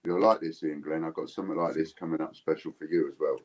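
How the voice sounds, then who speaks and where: This is a man with a deep, low voice, hosting a relaxed livestream. He rambles and circles back over his own words. He talks into an iPad on a video call. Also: fast talker. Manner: rambling, repeats himself. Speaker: host. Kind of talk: casual livestream chat.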